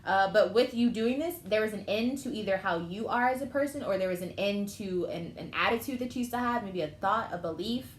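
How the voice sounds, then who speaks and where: A woman's voice: medium pitch, brisk, hardly any pauses. Young female tarot reader, chatty and emotional, in an echoey room with faint ambient noise. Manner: emotional, chatty, thinking aloud. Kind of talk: casual tarot reading.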